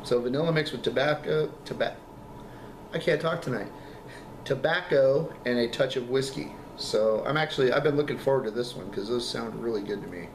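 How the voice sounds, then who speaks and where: A man giving a casual product review, talking in halting, enthusiastic bursts and coughing now and then from a lingering cough. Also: mid-range voice. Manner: halting, repeats words, enthusiastic. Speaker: vape juice reviewer. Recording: echoey room with background noise.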